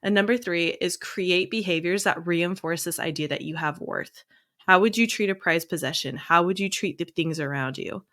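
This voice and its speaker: A woman in her thirties, a therapist co-hosting a podcast, talking in an encouraging way and reading uplifting lines slowly. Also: fairly low pitch, a bit bright. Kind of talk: casual podcast chat.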